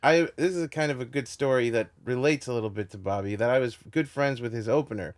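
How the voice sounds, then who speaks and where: A man's voice: medium pitch, fast talker. A man from New York, a podcast host, telling a long rambling story full of restarts. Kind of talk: storytelling in casual chat.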